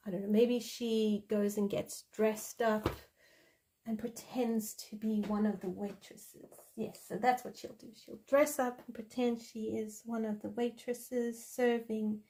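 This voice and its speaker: A woman hosts a coloring livestream, giggling and playing with viewers in casual chat while she improvises a story. Her voice is fairly high in pitch yet dark in tone.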